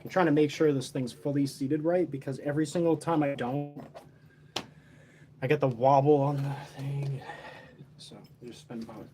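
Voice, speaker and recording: A man's voice: medium pitch, fairly even intonation, moderate pace, mellow, a little hiss or hum. A man telling a story in a casual, boastful, heavily profane, rambling way.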